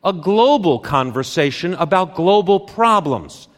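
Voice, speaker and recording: Dramatic man speaking slowly on stage. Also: sits high, animated. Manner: deliberate, dramatic short phrases with pauses. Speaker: speaker giving a talk. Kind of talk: live conference talk. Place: stage in a large hall. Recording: long hall reverb from a live stage.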